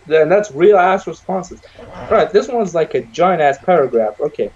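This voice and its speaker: A young man co-hosting a casual podcast over a video call, loud and slangy, swearing and laughing often. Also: fairly high pitch, expressive, moderate pace, highs cut off. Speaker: podcast co-host.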